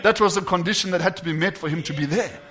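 A man preaching a sermon to his congregation, shifting between hushed and loud passages and stretching words slowly for emphasis. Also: high voice, some chatter behind.

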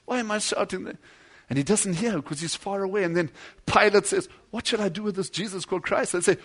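A man preaching a sermon, telling a story with dramatic swings between loud declamation and hushed low passages, acting out the lines of the people in it. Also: lively intonation, brisk, slightly rough. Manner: acts out quoted dialogue within the story.

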